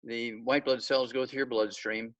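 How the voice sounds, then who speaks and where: A man's voice: mid-range voice, steady tone, moderate pace, a bit bright, recorded from a distance, lo-fi sound. A man giving an informal lecture on a call, folksy and emphatic, often checking in with "okay". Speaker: guest lecturer.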